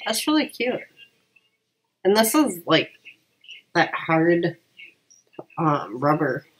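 A woman's voice: lowish voice, big pitch swings, takes it slowly, slightly rough, poor audio. A woman chatting casually through an unboxing while she has a cold, rambling with lots of fillers. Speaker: vlogger.

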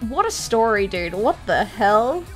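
A young woman, telling stories and reacting on a stream in a giggly, animated way, swearing casually. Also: medium pitch, a little slow, soft background music.

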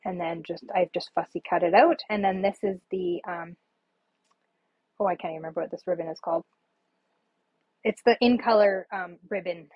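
A woman's voice: fairly low pitch, steady tone, moderate pace, pauses often, slightly rough, dry recording, lo-fi sound. Chatty woman demoing her handmade cards. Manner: chatty, rambling, frequent ums, laughs at herself. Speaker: papercraft demonstrator. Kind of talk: casual live craft demo.

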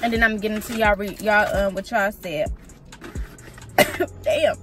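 A woman's voice: medium pitch, a little slow, faint music behind, rough recording. A young woman vlogging a casual mukbang, talking bluntly and profanely while she eats. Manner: blunt, profane, animated storytelling while eating. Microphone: vlog camera.

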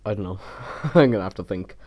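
Young male YouTuber, low and soft-toned, chatty and self-mocking, stutters. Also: quick pace. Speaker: Minecraft YouTuber. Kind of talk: casual voice-over of a build time lapse.

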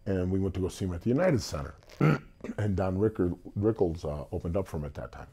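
A man, a singer telling his life story in a casual, animated interview. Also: deep voice, fast talker, vocal fry, breathy edge. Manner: animated storyteller, acts out quotes.

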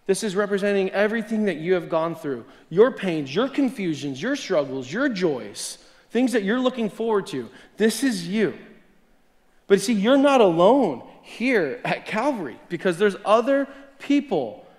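A man preaching to his church in a casual, storytelling way, his voice sitting a bit high for a man. He chuckles as he talks and keeps things conversational. The sanctuary gives his voice a long trailing reverb. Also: normal speed. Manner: conversational and animated, chuckles mid-sentence. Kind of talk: sermon told as a personal story.

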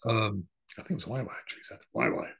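Racing along in a low but fairly bright voice, a man who is a rabbi tells a lengthy personal story full of digressions, side remarks, and restarts. The audio is rough.

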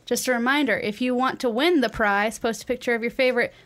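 A woman runs a casual radio talk show, her voice sitting a little high. She chats in a playful way and draws out words when she wants to make a point. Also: a bit bright. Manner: chatty, playful, drawn-out emphasis.

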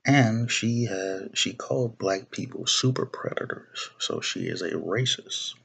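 Unhurried and creaky, this young man's lowish voice is fairly bright and slightly rough as he rants about politics to camera. The video blogger talks bluntly with profanity, circling back and restarting phrases.

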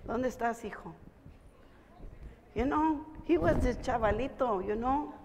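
A Mexican American woman giving a conference speech, telling stories with animated energy and switching between English and Spanish. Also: a little high, unhurried. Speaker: keynote speaker. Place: conference hall. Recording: echoey hall, crowd noise.

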